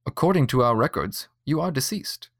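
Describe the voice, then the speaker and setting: A man's voice: mid-range voice, lively intonation, brisk, creaky, fairly bright tone, no echo. Guy reading a stiff friendly computer voice, kinda uncanny, dry close sound. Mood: flat politeness. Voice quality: friendly but slightly uncanny. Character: polite official male computer voice.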